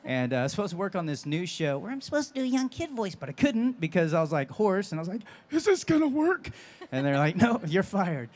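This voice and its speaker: Hardly pausing, a high-voiced man talks at a quick pace while appearing as a voice actor guest on a convention stage. He voices anime and game characters, and here he answers fan questions with animated, laugh-filled stories.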